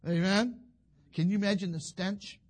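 A male preacher, giving a folksy sermon that builds to fervent shouting. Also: sits high, steady tone, moderate pace.

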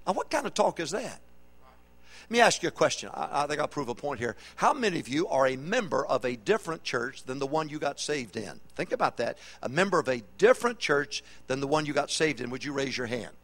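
A middle-aged pastor preaches briskly in a fairly high voice, keeping his sermon humorous and lively. Standing in a church auditorium, he poses call-and-response questions to the congregation.

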